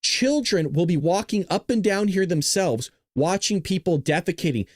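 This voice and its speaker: A man's voice: high voice, lively intonation, normal speed, no room sound, studio quality. A man hosting a podcast, talking casually and rambling to viewers while he plays his own video clips. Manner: rambling, talks straight to viewers. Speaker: podcast host.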